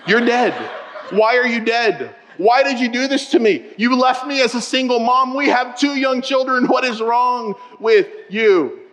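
A man's voice: very high-pitched, a little slow, a bit bright, voice pushed up. A frantic, accusing young wife, as a preacher quotes her. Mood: panicked. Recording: reverberant church hall.

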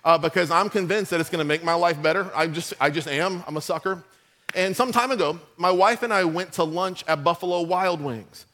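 A middle-aged man preaching a sermon as pastor, telling funny stories with lively asides to the congregation. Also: sits high.

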